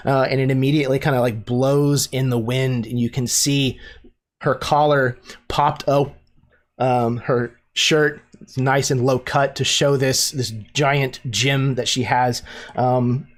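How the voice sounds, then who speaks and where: A man narrating a tabletop game as game master, his pace slow and unhurried. He hesitates a lot, filling gaps with ums and likes as he paints the scene. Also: medium pitch. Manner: hesitant, many fillers.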